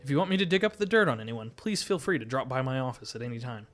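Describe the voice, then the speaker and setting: A man reading the lines of a suave male fox private investigator in a game, speaking in a smooth, courteous, measured way at an everyday mid pitch. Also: sing-song, fairly bright tone, soft background music. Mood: knowing.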